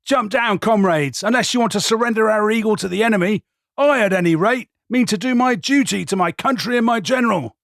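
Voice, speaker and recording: A man voicing a fierce male Roman eagle-bearer, shouting a battle cry in an Australian accent, in the manner of a famous actor's impression. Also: sits high, brisk, creaky, no echo, studio quality, pitched above the performer's own voice. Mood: rousing.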